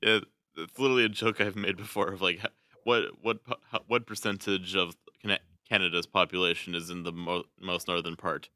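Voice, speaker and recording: A man with a very low voice and a strikingly bright, forceful tone, chatting casually as a podcast co-host. He is playful, laughs often and trips over his words now and then. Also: steady tone, a little fast. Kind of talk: casual chat.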